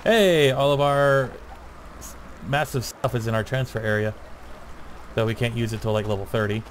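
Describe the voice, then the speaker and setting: A laid-back man talks his way through a co-op game in an easy, chatty voice, laughing often. His pitch sits in a middle range. The recording carries a clear layer of background noise. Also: moderate pace. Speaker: gaming channel host. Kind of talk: casual co-op gameplay chat. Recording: noisy home game recording.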